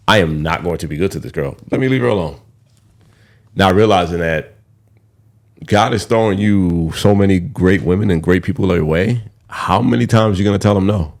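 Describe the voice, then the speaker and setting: A young man hosting a podcast, talking candidly in a rambling, casual way and swearing freely. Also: deep voice. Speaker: podcast host.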